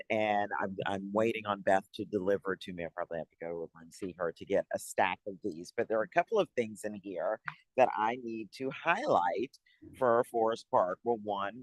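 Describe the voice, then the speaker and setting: A man on city economic development staff, giving an upbeat, chatty update to a public board meeting and pausing now and then to find his papers. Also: fairly low pitch, no echo, rough recording.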